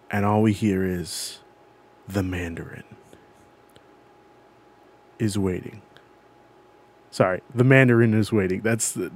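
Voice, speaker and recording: Rambling podcast co-host man. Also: medium pitch. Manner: rambling, self-correcting storyteller. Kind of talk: casual chat. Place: podcast recording.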